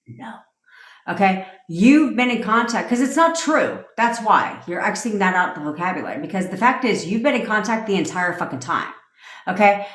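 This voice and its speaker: Woman, manifestation coach, livestream rant, profane, commanding, mid-pitched, echoey room. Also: expressive, moderate pace, a bit bright.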